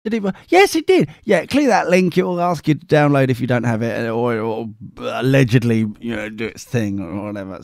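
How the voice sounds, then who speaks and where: A man's voice: mid-range voice, animated, fairly quick, vocal fry, no echo, studio quality. A tired man, hosting a live podcast in a rambling, scatterbrained, self-mocking way. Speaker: podcast host. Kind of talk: rambling live-show chat.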